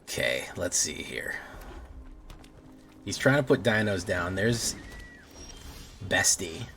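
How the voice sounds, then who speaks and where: A man's voice: sits low, big pitch swings, slow, pushed and bright, faint music behind. A man streaming a card game, chatting casually, rambling and joking with some swearing. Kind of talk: casual gameplay commentary.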